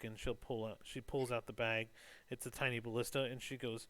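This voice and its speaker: A man's voice: medium pitch, fairly even intonation, moderate pace, few pauses, a bit bright, no room sound. A man running a tabletop game as game master, narrating in a laid-back way with many ums.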